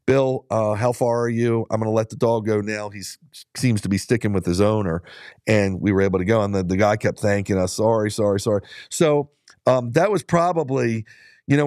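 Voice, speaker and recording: A man's voice: medium pitch, darkish tone, no room sound, clean studio sound. A middle-aged man, a dog musher, chatting casually to his viewers and telling rambling stories full of fillers and restarts. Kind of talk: casual talk to viewers while out on a ride.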